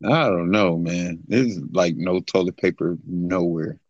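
A man co-hosting a podcast, talking casually in halting, hesitant bursts full of fillers. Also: low-pitched, dry recording, muffled recording. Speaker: podcast co-host. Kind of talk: casual chat.

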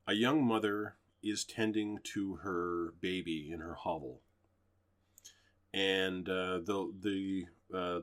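Very deep-voiced man chatting casually. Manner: rambling, loose retelling with fillers and swearing. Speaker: podcast co-host. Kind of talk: casual chat reviewing movies.

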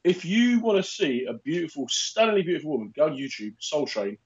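A man's voice: on the high side, very animated, a little fast, dull audio. A man co-hosting a podcast in casual chat, with a dry, teasing, wry manner. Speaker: podcast co-host.

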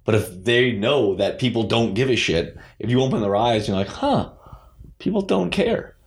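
Low-voiced man, blunt and candid. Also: brisk. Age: late 20s. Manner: candid, swearing, lots of "like". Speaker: guest, CrossFit coach. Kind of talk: casual interview.

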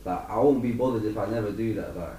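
A man, co-hosting a podcast in casual chat, relaxed and hesitant, often restarting his sentences. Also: lowish voice, fast talker. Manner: laid-back, hesitant restarts. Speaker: podcast co-host. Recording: roomy distant mic, faint noise.

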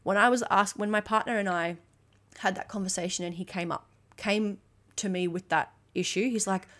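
A woman's voice: medium pitch, fairly even intonation, normal speed, fairly bright tone. Blunt, emphatic woman podcaster. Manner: emphatic, blunt, swears freely; acts out quoted dialogue. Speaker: podcast host. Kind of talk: motivational solo podcast.

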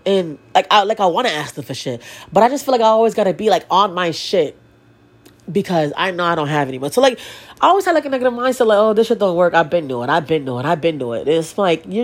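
A young woman hosting a podcast alone, talking bluntly and profanely about her feelings, her nose stuffy. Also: mid-range voice. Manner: blunt, profane, emotional and confessional. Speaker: podcast host. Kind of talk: candid solo podcast monologue.

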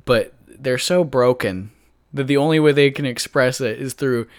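A man's voice: mid-range voice, moderate pace, dry recording, studio quality. A man co-hosting a comedy podcast, reacting with exasperated, sardonic comments. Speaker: podcast co-host. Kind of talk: casual comic banter.

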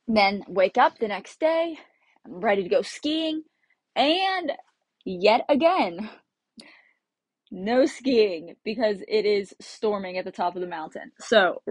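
Young woman vlogger, chatty storyteller, mid pitch, dry close sound. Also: dry recording. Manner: chatty, laughs often, acts out her own quotes. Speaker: travel vlogger. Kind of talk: casual travel storytelling.

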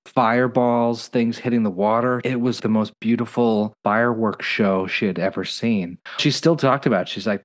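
Animated man telling stories on a podcast. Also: lowish voice, moderate pace, few pauses. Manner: animated storyteller, breaks into playful voices. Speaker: podcast co-host. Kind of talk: casual TV recap chat.

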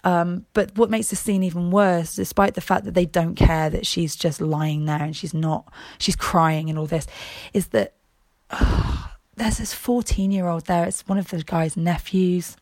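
Gravelly, low-voiced woman film reviewer. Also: steady tone, measured pace, darkish tone, no echo. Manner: hesitant, lots of ums and restarts. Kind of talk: casual spoken film review.

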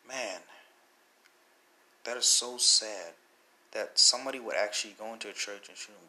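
Young male podcaster, rambling and emotional, slightly low pitch, bright tone. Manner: earnest and emotional, rambling with many restarts. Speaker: podcast host. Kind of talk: personal commentary podcast.

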